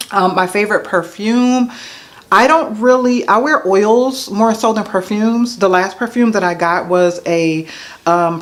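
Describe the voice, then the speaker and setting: A woman in her thirties from the United States chatting casually to camera, answering questions with self-mocking asides to viewers. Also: on the low side. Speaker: vlogger. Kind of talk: casual to-camera Q&A tag video.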